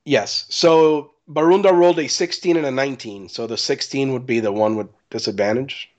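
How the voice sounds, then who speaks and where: A man's voice: mid-range voice, moderate pace. Dry-humored man playing a dwarf. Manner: dry, self-mocking, speaks in character at times. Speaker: player. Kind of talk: casual tabletop play.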